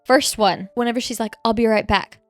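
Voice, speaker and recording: Young woman co-host, jumpy and excitable, higher pitch, dry studio sound. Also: a little fast, no room sound, faint music behind. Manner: excitable, jumpy, easily spooked, reacts loudly. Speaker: podcast co-host. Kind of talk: casual chat.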